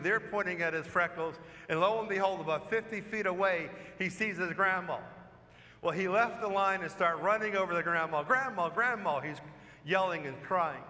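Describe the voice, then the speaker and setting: Priest giving a homily, man with a high, bright voice, chatty storyteller, long echo of a church. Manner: storytelling, conversational preaching with rhetorical questions. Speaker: parish priest. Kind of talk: sermon.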